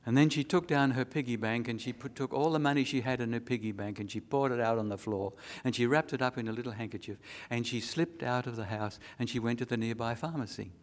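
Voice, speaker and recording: A man's voice: medium pitch, fast talker, few pauses. A man preaching a sermon, telling an earnest story and making emphatic appeals.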